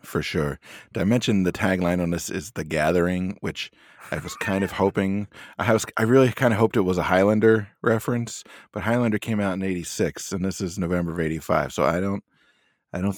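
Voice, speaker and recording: Man, podcast cohost, very deep voice, rambling jokey chat, dry close sound. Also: fairly quick, no room sound. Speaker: podcast co-host. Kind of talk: casual chat.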